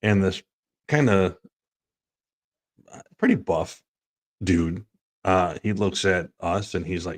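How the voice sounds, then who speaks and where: A man's voice: sits low, slow, pauses often. A man co-hosting a sports talk show, telling rambling stories and laughing through them. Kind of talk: casual storytelling chat.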